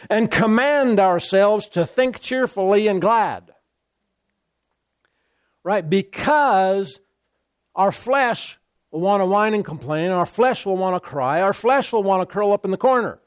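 A man's voice: high-pitched, animated, unhurried, no echo. Male preacher, sermon, emphatic with repeated phrases, dry close sound.

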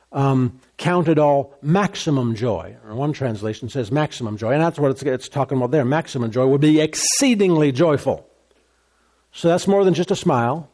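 Emphatic man preaching a sermon. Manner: emphatic preaching, repeats key phrases, rises high when excited. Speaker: pastor.

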